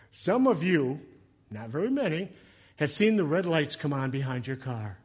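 A man preaching a sermon in a chatty, animated way, breaking into loud, emotional passages. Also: high-pitched, breathy edge. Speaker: pastor.

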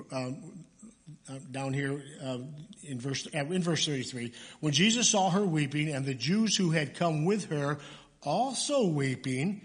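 A man's voice: a little high, a bit bright, long reverb tail. A male pastor giving a sermon in church, talking in a loose, conversational way, often stopping to correct himself and joking with the congregation.

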